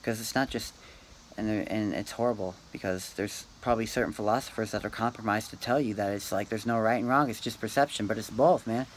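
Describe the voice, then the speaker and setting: A man rambling through a meandering, philosophizing monologue to camera, pausing often and tagging lines with "man" and "dude". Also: on the low side, slight background noise, rough recording. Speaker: vlogger.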